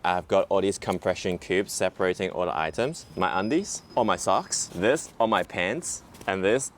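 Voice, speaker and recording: Young male vlogger, very low voice, easygoing explainer, faint background noise. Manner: explanatory, relaxed, teasing. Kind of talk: casual travel vlog.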